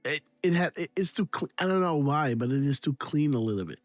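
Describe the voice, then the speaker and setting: A man's voice: a little high, animated, fairly quick, no echo. Guy chatting on a livestream, laughs a lot, mimics sounds, dry close sound, music behind. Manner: laughing, repeats himself, imitates sound effects. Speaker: livestream host. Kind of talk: casual livestream commentary.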